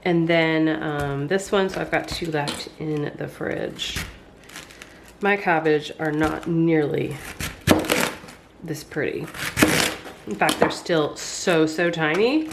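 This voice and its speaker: A woman's voice: sits low, slow pace, pauses often, heavy background noise. A congested woman, chatting folksily to viewers while she cooks in her home kitchen. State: congested, stuffy voice. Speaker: homesteading vlogger. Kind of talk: casual cooking demonstration.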